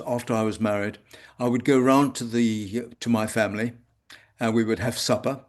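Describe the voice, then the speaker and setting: An older man with a mid-range voice speaks slowly and reflectively. He pauses often and picks his words with care, talking from his consulting room at home. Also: medium pitch. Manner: measured, halting with frequent pauses. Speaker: homeopath guest. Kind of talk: reflective conversation.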